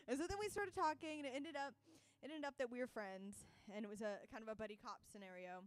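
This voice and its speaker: A young woman singer-songwriter speaks fast at a fairly high pitch, hardly pausing at all. Between songs she tells an animated, self-mocking story, laughing as she goes.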